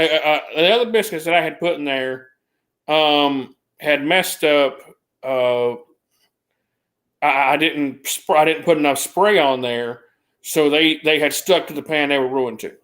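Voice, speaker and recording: A man with a drawl tells a meandering story in a casual chat, his voice sitting somewhat high. He restarts his sentences often and jumps his pitch up to imitate other people. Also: fairly bright tone. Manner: rambling, restarts, mimics others with a raised voice.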